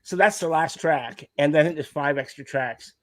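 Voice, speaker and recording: A man with a fairly high-pitched voice talks through a casual music podcast. He tells stories animatedly and swears constantly. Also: moderate pace, no room sound. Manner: animated storytelling, heavy swearing. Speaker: podcast co-host. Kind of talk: casual chat about music.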